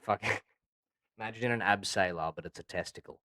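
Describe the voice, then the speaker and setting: A man's voice: lowish voice, fairly quick, bright, forceful tone, no echo. A man co-hosting a casual podcast, crude and slangy, swearing often. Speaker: podcast co-host.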